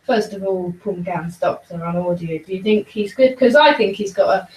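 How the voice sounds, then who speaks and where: A woman's voice: mid-range voice, normal speed, a little mellow. Enthusiastic woman on an echoey podcast. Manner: enthusiastic, many ums. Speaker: podcast co-host. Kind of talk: casual podcast chat. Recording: roomy echo, far from mic.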